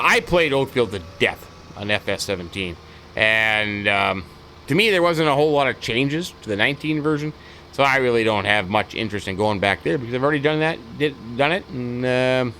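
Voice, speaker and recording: A folksy man talks through a let's-play video with a lively, bouncing pitch. His voice is bright and forward, and faint noise sits under it. He rambles from thought to thought in a casual, easygoing way. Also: rough recording. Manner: folksy, rambling, repeats stock phrases. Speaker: gaming channel host.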